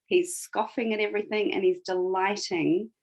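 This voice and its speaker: A woman's voice: mid-range voice, fairly even intonation, normal speed, poor audio. A woman guest on a podcast, reflectively retelling a fairy tale and tying it to the present. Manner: reflective, retells a story with emphasis. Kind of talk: conversational podcast storytelling.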